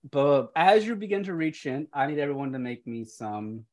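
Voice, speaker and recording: A game master slowly narrating a tabletop game in a descriptive, playful way. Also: medium pitch, very animated, darkish tone.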